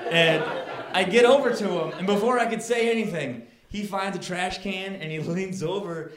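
A man doing a stand-up set, telling a story with growing excitement and laughing into his lines. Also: high-pitched, normal speed. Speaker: stand-up comedian. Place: comedy club stage. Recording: echoey live room with crowd.

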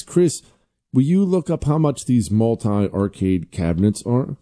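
Animated man hosting political commentary. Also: medium pitch, measured pace. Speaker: host.

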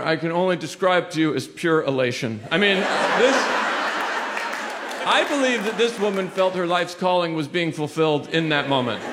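A man's voice: high voice, noisy background. A man doing a stand-up comedy set with dry storytelling delivery.

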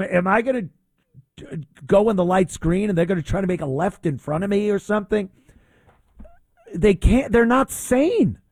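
A man's voice: sits high, a little mellow, husky, no room sound. A man hosting his own talk show, delivering an opinionated monologue in a mocking, rambling way with many fillers.

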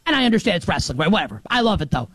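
Excitable high-voiced male sports host. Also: very fast, no room sound. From New York. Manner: animated, emphatic, shifts between shouting highs and muttered lows. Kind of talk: excited sports commentary monologue.

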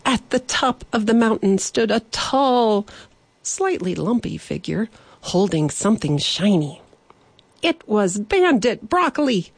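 Slow, gentle woman storyteller. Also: medium pitch, sing-song, breathy edge, no echo. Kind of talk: children's bedtime story narration.

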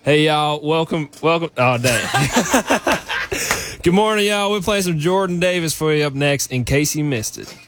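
A man's voice: fairly high pitch, animated, a little slow, background noise, voice pushed up. An Australian man putting on an American accent to play a cheerful country radio DJ with an upbeat drawl. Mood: cheery. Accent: put-on American. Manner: upbeat drawling greeting, breaking into laughs.

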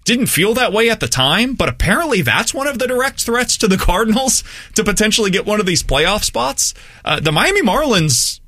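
Lively, bright-voiced man talking baseball. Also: fairly quick, no echo. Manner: animated, swings between high and low pitch. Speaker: baseball podcast co-host. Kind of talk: casual sports talk.

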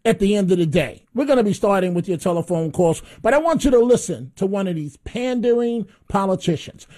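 A man's voice: high-pitched, a little mellow. A man hosting call-in talk radio, combative and mocking, who repeats his lines for effect.

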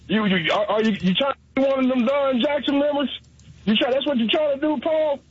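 A man from South Carolina rings in to a radio talk show and ribs the host with joking banter. His voice sits very high and comes out husky. The call sounds dull and lo-fi. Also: no echo. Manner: teasing, joking, roasting the host. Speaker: caller. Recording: dull lo-fi phone call audio.

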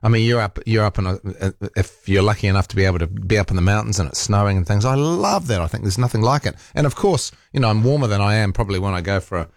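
A man's voice: lowish voice, animated, fast, creaky, few pauses, no room sound. A man with a New Zealand accent hosting a talk radio show in a studio, chatting in a rambling way with many fillers and restarts. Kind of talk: casual talk radio monologue. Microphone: studio microphone.

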